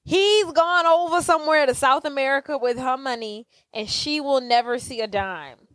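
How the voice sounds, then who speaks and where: A woman's voice: high voice, normal speed, a bit bright, no echo, studio quality. A woman co-hosting a podcast in casual chat, blunt and profane, acting out movie lines as she recaps. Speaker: podcast co-host.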